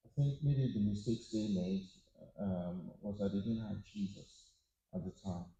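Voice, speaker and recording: A middle-aged man tells personal stories with raw feeling, a self-described crier. His voice is low and dark in tone. It carries through a very echoey conference hall. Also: unhurried, highs cut off, slight background noise. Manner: emotional, fond of crying, speaks with feeling. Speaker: panel guest. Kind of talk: candid personal storytelling. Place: conference hall at a media summit.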